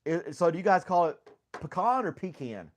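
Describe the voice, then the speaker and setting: A man's voice: high voice, very animated, moderate pace. A man hosting a casual livestream chat, rambling and joking, laughing often at himself. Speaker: host.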